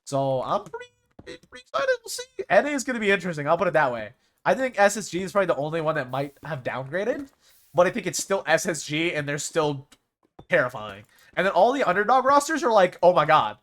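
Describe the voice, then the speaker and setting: A man's voice: fairly high pitch, big pitch swings, fast, a bit bright. A young man streaming, chatting casually and rambling about esports rosters, restarting his sentences often.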